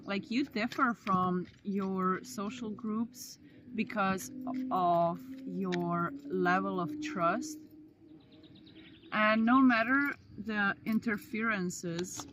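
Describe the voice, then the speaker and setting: A woman's voice: medium pitch, fairly even intonation, very slow, background noise. A woman giving a casual tarot reading to her viewers, chatty and slangy, with playful asides. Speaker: tarot reader.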